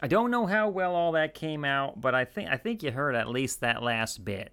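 A man's voice: mid-range voice, big pitch swings, normal speed, few pauses, a bit bright, clear, resonant tone. Rambling man hosting a podcast. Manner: rambling, full of restarts and asides. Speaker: podcast host. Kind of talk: casual podcast chat.

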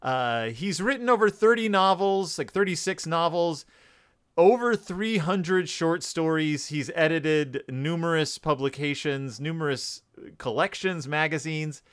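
A man co-hosting a casual podcast about a book, talking in an animated, joking way and putting on quick voices for quotes. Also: fairly high pitch, clean tone. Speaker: podcast co-host.

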